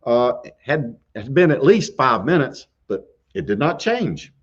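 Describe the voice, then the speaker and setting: A man's voice: mid-range voice, very animated, normal speed, slightly rough. A man hosting a live stream, casually telling a scary story with frequent chuckles and restarts. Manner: chuckles often through a spooky tale, with restarts. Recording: dull lo-fi stream audio.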